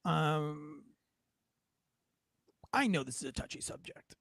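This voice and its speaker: A man's voice: fairly high pitch, animated, takes it slowly, vocal fry, fairly bright tone, dry recording. A man hosting a casual talk show, joking and rambling before turning to a serious topic. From United States. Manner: joking, rambling, self-deprecating. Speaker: podcast host. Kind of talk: casual chat.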